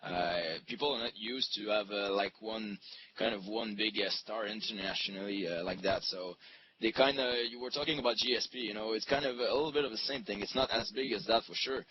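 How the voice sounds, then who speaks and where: French canadian guy, low voice, lots of uhs, muffled noisy recording. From Quebec, Canada. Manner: halting, hesitant. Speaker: interview guest. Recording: muffled, with noticeable background noise.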